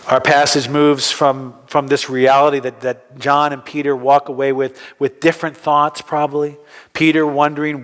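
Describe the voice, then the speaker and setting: Male pastor preaching, kinda higher voice, chatty with questions, long church reverb. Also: fairly bright tone. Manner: conversational, asks the congregation questions. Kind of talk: sermon. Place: church hall.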